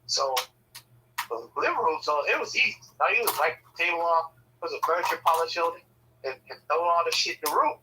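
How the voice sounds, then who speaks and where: A man's voice: a little high, fast, background noise. A man casually telling stories about his family, swearing freely and acting out the voices of the people in them. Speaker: storyteller. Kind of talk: casual storytelling.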